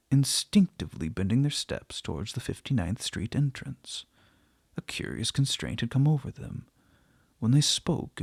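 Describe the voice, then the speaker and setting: A man reading a short story aloud in a gentle, unhurried way, voicing the dialogue softly. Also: medium pitch, gravelly, breathy edge, dry recording, clean studio sound. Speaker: narrator.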